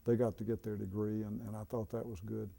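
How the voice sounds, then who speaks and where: Older male interviewee, low gravelly voice, hesitant storyteller. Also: level tone, warm tone. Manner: halting, many fillers and restarts. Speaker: interviewee, former student. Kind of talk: reminiscing interview.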